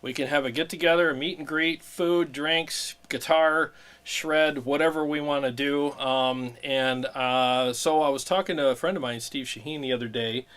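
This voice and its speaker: A man's voice: a little high, steady tone, fairly bright tone, clear, resonant tone. A man co-hosting a casual guitar livestream, laid-back, laughing easily and joking with his co-host. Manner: laid-back, laughs often, quick asides.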